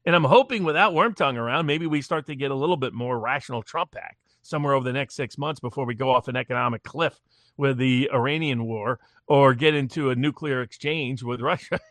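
A man's voice: mid-range voice, fairly quick, a bit bright, no room sound. A man giving political commentary in a casual remote talk, with frequent restarts and repeated words as he builds long arguments.

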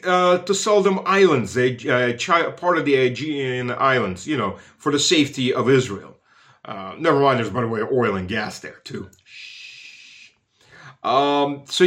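A man's voice: mid-range voice, a bit bright. A man giving sarcastic, mocking political commentary, full of "uh" fillers and sardonic asides.

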